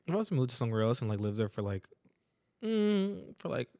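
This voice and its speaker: A man's voice: mid-range voice, very animated, fast talker, warm tone. A young man from El Salvador co-hosting a casual podcast, laughing often and rambling with restarts. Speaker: podcast co-host.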